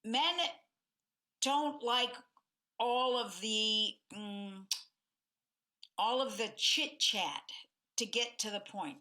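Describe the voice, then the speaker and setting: A woman's voice: a little high, takes it slowly, pauses often. A middle-aged woman hosting a self-help podcast as a life coach, talking expressively and acting out examples of dialogue. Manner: expressive, acts out quoted dialogue in different tones.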